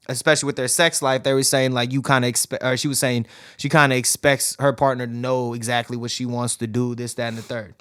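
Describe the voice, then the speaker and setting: A man's voice: mid-range voice, a bit bright, clean tone. A young man co-hosting a podcast in casual chat, laid-back, swearing often and laughing. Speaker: podcast co-host.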